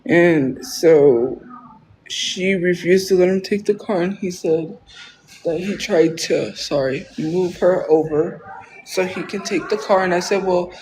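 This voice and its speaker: A man with a high-pitched voice talks casually on his livestream. He rambles and sounds defensive, often stopping to restart a sentence. A faint hum sits behind him. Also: unhurried, a little mellow, low-quality recording.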